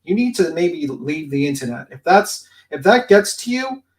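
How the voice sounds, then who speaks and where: A man's voice: on the high side, big pitch swings, normal speed. Mocking, indignant man co-host. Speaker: livestream co-host. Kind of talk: casual livestream commentary.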